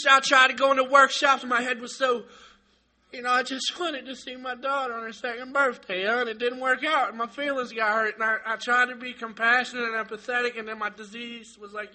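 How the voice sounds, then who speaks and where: Guy in a meeting room cursing and joking about his life, sharp bright voice, gets loud then soft. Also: very high voice, little pitch movement, a little fast. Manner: profane, swinging from shouting to quiet sincerity. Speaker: speaker sharing at a recovery meeting. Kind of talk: raw comedic testimony.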